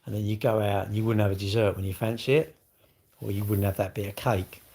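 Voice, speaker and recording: A man's voice: fairly low pitch, steady tone, fast talker, warm tone, breathy edge. A man chatting casually on a live stream, rambling from thought to thought and greeting viewers mid-sentence.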